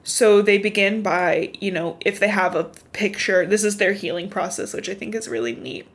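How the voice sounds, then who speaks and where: A woman's voice: mid-range voice, moderate pace, slightly rough. A woman co-hosting a podcast, casually retelling a novel's plot, swearing freely and filling with "like.". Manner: swears freely, retells story with many likes. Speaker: podcast co-host. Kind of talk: casual book recap chat.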